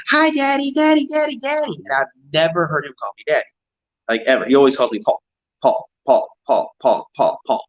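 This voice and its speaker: A man's voice: medium pitch, fairly bright tone, highs cut off. A man talking in a casual chat, rambling and repeating himself.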